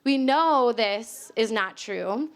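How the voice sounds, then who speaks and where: With a fairly high, clear, resonant voice, a young American linguistics speaker delivers an animated but slow public talk to a live library audience. The tone stays casual and chatty, with frequent laughter.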